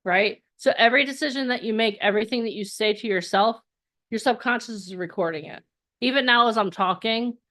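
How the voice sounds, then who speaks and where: Woman workshop coach, energetic motivational delivery, mid-range voice, acts out voices over an online call. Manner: energetic, acts out inner voices with big pitch jumps.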